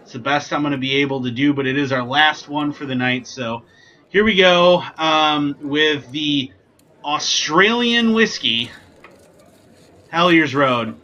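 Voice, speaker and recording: A man's voice: on the high side, measured pace, bright, forceful tone, lo-fi sound. A man hosting a casual whiskey tasting vlog, chatty and joking with lots of ums and asides. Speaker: whiskey reviewer, channel host.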